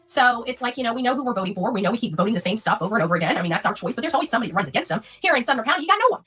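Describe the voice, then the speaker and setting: A woman's voice: on the high side, expressive, racing, fairly bright tone, husky. A woman from Florida ranting indignantly in a casual live panel chat.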